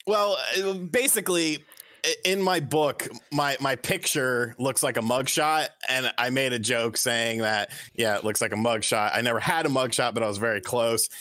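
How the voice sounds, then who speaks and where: A man from North Carolina telling a story on a podcast in an animated, casual way, swearing freely and acting out quotes. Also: normal speed, no echo. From North Carolina, USA. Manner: animated, swears freely, acts out quotes with big pitch swings. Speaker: podcast co-host.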